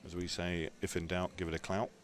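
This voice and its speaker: Deep-voiced pool commentator. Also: male voice, flat delivery, brisk, a little hiss or hum. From Scotland. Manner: chatty, analytical, jokes around. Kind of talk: live sports commentary.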